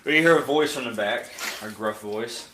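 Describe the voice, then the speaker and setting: A man running a tabletop game, narrating in a loose way and laughing often. His voice is bright and forceful. It sits in a roomy space with a faint hiss. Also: medium pitch, normal speed. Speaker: game master.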